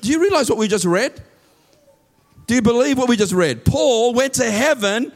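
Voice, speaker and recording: High-voiced guy preaching a sermon, earnest, keeps repeating himself, gets loud and urgent sometimes. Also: animated. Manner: earnest, repeats words, restarts phrases, reads verses slowly. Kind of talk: sermon teaching from scripture.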